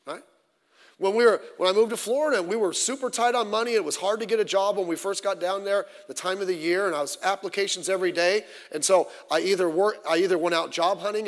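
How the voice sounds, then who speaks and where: High-voiced pastor preaching in a hall. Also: male voice. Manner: animated, rhetorical questions, wry asides. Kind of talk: sermon. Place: church sanctuary.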